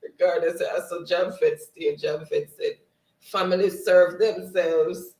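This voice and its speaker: A man's voice: high voice, steady tone, a little slow, darkish tone. A man hosting a live stream in casual chat, reading out viewer comments and often laughing. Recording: roomy, distant mic.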